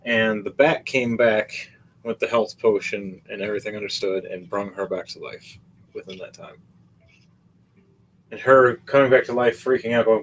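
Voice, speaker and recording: A man running a tabletop game as game master, telling the story in a rambling, excitable and profane way. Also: fairly low pitch, moderate pace, low-quality recording.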